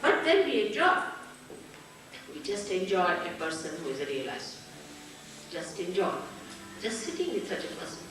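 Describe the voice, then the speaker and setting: An older woman, giving a spiritual talk to an audience and telling lively stories with frequent laughs. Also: mid-range voice, moderate pace, pauses often, over music. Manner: storytelling, lively, laughs often. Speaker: spiritual teacher. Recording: echoey hall, far from the mic.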